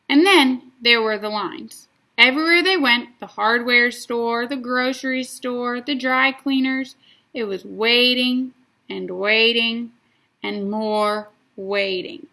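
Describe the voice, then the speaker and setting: Woman reading a children's book, bright voice. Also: a little high, slow. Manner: expressive, storybook reading. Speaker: reader.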